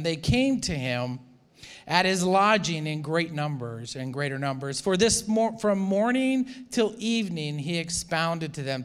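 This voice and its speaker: A man preaching a sermon as pastor, animated, acting out the voices of the people he quotes, with frequent restarts. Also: sits high, smooth.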